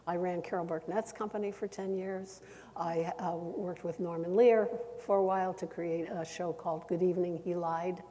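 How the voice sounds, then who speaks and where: Older woman on a panel, lively storyteller, ex-broadcaster, big echoey hall. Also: on the low side, normal speed. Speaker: panelist, former broadcaster turned therapist. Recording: long hall reverb.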